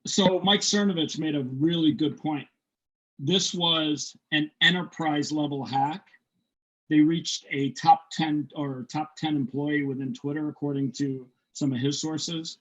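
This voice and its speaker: A man hosting a podcast, chatting casually and joking while firing off quick questions. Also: fairly high pitch, steady tone. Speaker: podcast host. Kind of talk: casual chat. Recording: muffled lo-fi audio.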